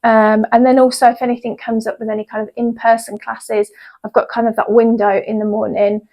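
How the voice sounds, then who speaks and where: A woman's voice: on the high side, little pitch movement, brisk, mellow, low-quality recording. Yoga teacher lady rambling on, loads of ums, chatty home vlog. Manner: chatty, rambling, lots of fillers. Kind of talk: casual vlog chat. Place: at home in her yoga room.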